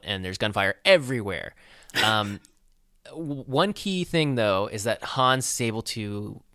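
A man talks through a film's plot on a podcast, his casual recap punctuated by many ums and uhs. He has a lowish, fairly bright, clean-toned voice. The dry recording is studio quality.

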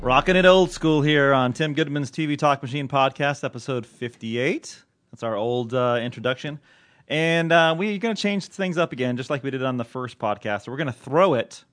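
A man's voice: mid-range voice, moderate pace, fairly bright tone. A man hosting a podcast, talking casually and joking, laughing often. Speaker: podcast host. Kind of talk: casual chat.

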